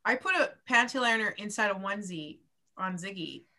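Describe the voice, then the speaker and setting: A woman's voice: medium pitch, expressive, a little fast, pushed and bright. A woman co-hosting a podcast in casual, playful chat, laughing often. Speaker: podcast co-host, doula.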